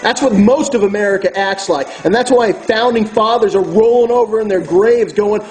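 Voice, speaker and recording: A man's voice: high voice, moderate pace, hardly any pauses, a little mellow, poor audio. A man delivering a furious, profane ranting monologue as host of his own video channel, preaching to his viewers.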